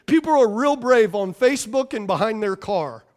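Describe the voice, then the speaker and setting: A man's voice: high-pitched, expressive, moderate pace. A man preaching a sermon with call-and-response, playful asides and repeated phrases for emphasis. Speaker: pastor.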